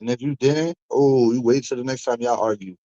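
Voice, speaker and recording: A man's voice: medium pitch, fairly quick, no echo, highs cut off. A man hosting a stream, ranting casually and profanely, with mocking asides. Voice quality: animated, profane, mocking impressions. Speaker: streamer host.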